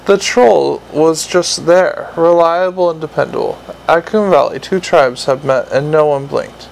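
A man reading a novel aloud as the narrator, telling the story at a steady, even pace. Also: on the high side, measured pace, vocal fry, hardly any pauses, slight background noise, rough recording. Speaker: audiobook narrator. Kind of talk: fiction narration.

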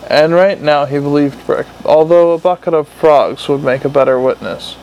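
A man reading a novel aloud as the narrator, telling the story at a steady, even pace. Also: fairly high pitch, normal speed, low-quality recording. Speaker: audiobook narrator. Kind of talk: fiction narration.

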